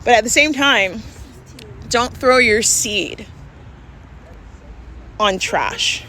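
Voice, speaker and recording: A woman's voice: a little high, drawn-out words, sharp tone, slight background noise. A woman, telling an emphatic vlog story with laughs, recorded on a phone outdoors. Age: 40s. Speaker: vlogger. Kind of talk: ranting vlog.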